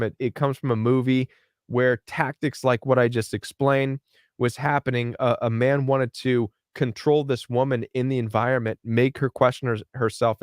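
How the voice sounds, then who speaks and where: A man's voice: mid-range voice, dry recording, clean studio sound. A man speaking as a life coach guest on a podcast, telling a personal story and acting out the dialogue in it.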